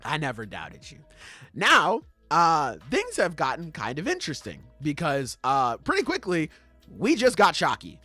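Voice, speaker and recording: A man's voice: a little high, huge pitch swings, measured pace, pushed and bright, no echo, faint music behind. A young man hosting a podcast, chatting casually and acting out scenes with swearing and laughter. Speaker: podcast host. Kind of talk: casual chat.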